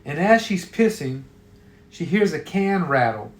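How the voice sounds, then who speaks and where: A man telling a crude story with a profane, offhand delivery and a somewhat high voice. The sound rings with the echo of a hard room. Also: big pitch swings, measured pace.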